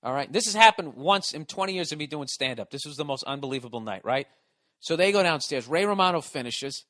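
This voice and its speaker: A man in his forties hosts a podcast and spins a long comedy-club yarn in a slightly raised voice. He is profane and excitable, and he trips over his own words and restarts often. The sound is dry and close, with no room around it. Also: on the high side, brisk, no echo. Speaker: podcast host and stand-up comedian. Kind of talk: casual storytelling monologue.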